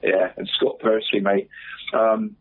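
A man's voice: fairly low pitch, level tone, slow. A man presenting local football results in casual radio chat, saying "mate" after nearly every phrase. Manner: says "mate" constantly, chatty and rambling. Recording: phone-like radio line.

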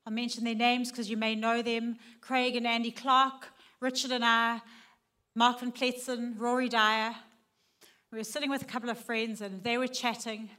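Bright-voiced woman giving a heartfelt talk. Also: fairly high pitch, steady tone, measured pace. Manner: earnest, swings from loud and laughing to soft and hushed. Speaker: speaker at a church gathering. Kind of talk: personal testimony talk.

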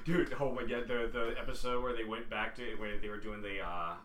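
A man co-hosting a casual podcast, excitable, restarting his sentences as he recalls things. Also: mid-range voice, a little fast. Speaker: podcast co-host. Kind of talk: casual chat among friends. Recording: echoey room.

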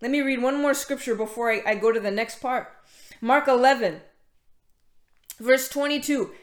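A woman's voice: sits high, moderate pace. Chatty woman preaching in echoey room. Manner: conversational, many fillers and restarts, greets latecomers mid-talk. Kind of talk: casual sermon with scripture reading.

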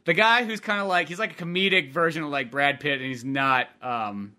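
A man hosting a podcast in casual chat, animated and laughing often. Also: a little high, brisk. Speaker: podcast host.

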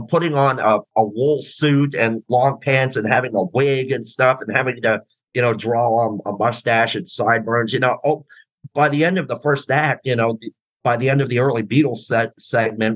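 A man's voice: mid-range voice, steady tone, normal speed, no echo, rough recording. A man chatting as an interview guest, talking at length in a rambling way with many restarts and fillers. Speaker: guest, tribute-band drummer. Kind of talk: casual interview chat.

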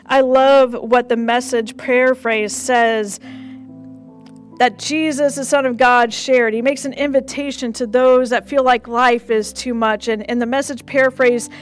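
High-voiced woman preaching a sermon. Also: steady tone, faint music behind. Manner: gentle, measured preaching with soft dips for emphasis; repetitive, rhythmic phrasing. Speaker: pastor.

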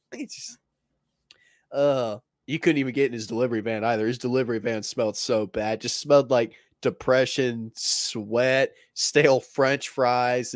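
A man's voice: medium pitch, no echo, studio quality. Sniffly man telling crude stories. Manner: crude, laughing storyteller. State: stuffy from a cold. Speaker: podcast host. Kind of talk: casual podcast chat.

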